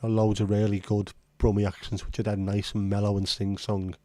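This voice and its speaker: Male livestream host, rambling and blunt, mellow low voice, dry close sound. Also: completely flat delivery, fairly quick, dry recording. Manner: rambling, chatty, blunt with occasional swearing. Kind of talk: casual livestream chat.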